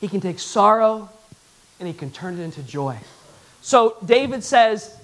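A man preaching a sermon to his church, swinging from loud, excited bursts to hushed, earnest appeals. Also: high voice, a little slow. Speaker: pastor.

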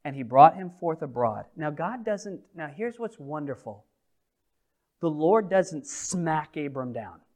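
A man preaching a sermon, moving between loud proclamation and quiet, intimate storytelling, reading scripture slowly. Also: fairly high pitch, very animated. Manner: dynamic preaching, swings from loud proclamation to hushed intimate delivery; reads scripture slowly and deliberately. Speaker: pastor.

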